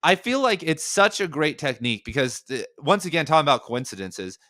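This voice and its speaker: A man's voice: a little high, big pitch swings, brisk, pushed and bright. A man hosting a casual podcast conversation, musing aloud in long rambling stretches full of fillers. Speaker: podcast host.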